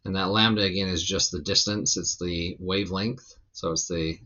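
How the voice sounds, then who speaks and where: Male physics teacher, low voice, loose chatty lecture delivery with fillers. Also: normal speed, dull audio. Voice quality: gravelly when relaxed. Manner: loose, rambling explanation with many fillers. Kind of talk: recorded lecture.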